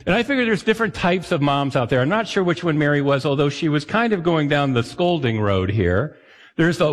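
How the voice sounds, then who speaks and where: A man's voice: a little high, animated, fairly quick. A man pastor preaching a conversational sermon, often asking his listeners questions. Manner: conversational, asks the audience questions. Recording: long hall reverb.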